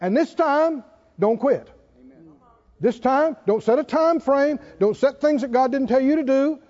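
A man preaches in an extremely high, slightly mellow voice at a somewhat slow pace, chuckling often as he builds toward emphatic appeals. The sound is dull, and the hall is reverberant.

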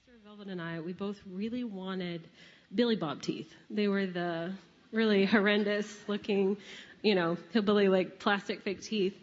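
A woman's voice: medium pitch, fairly even intonation, normal speed. Woman, chatty testimony, laughs often, long hall reverb, dull sound. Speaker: church member sharing testimony. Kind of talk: personal testimony.

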